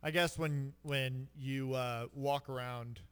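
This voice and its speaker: A man's voice: medium pitch, fairly even intonation, slow pace, fairly bright tone, clear, resonant tone, no echo, long reverb tail. A man co-hosting a sports radio show, talking in a laid-back, rambling way. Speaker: radio co-host. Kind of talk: casual sports radio banter.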